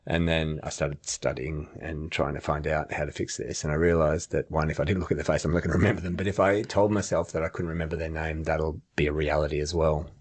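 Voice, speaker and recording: Low husky aussie guy on a podcast, explains stuff with acted-out examples, laughs a lot. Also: flat delivery, quick pace, hardly any pauses. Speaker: podcast co-host and memory trainer. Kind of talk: casual podcast chat.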